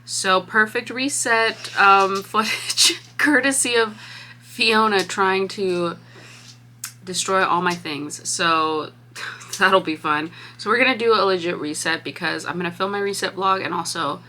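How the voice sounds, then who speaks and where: Laughing, animated young woman vlogger. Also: mid-range voice, a little slow, slight background noise. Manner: animated, laughs often, swears casually. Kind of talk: casual vlog chat.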